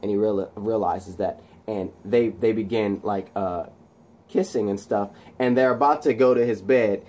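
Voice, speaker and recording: A man casually retelling a movie plot, rambling excitedly with many restarts. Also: lowish voice, normal speed. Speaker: channel host.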